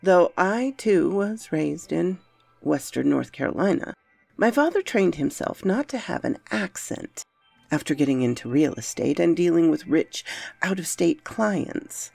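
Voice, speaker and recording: A woman's voice: on the low side, animated, unhurried, gravelly, darkish tone, no room sound, soft background music. A woman narrating a horror story in a dramatic, brooding first-person style.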